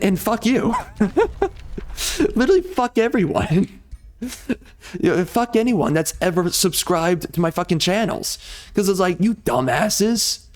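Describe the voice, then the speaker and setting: A man's voice: high-pitched, darkish tone. A male gaming YouTuber delivering an angry, heavily profane rant in a blunt, exasperated way.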